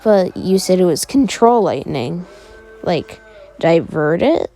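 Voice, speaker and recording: A woman's voice: fairly low pitch, animated, slow pace, mellow, faint music behind. Woman playing a curious, matter-of-fact teacher. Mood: puzzled. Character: curious adult schoolteacher.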